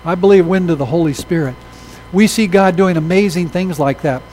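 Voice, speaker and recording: Animated preaching man, somewhat high voice. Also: fairly quick, soft background music, rough recording. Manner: animated, acts out quoted voices in stories. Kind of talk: sermon storytelling.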